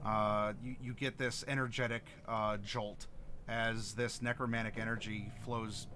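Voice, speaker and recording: A man's voice: lowish voice, little pitch movement, unhurried, background noise. A young man running a tabletop game as game master, playful and laughing often.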